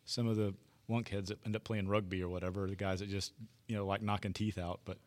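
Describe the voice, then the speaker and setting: A very deep-voiced man talks things through at an easy, rambling pace, leaning on "you know" as he thinks aloud. His tone is conversational and reflective. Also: flat delivery, quick pace, darkish tone. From United States. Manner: rambling, thoughtful, many fillers. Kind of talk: casual chat.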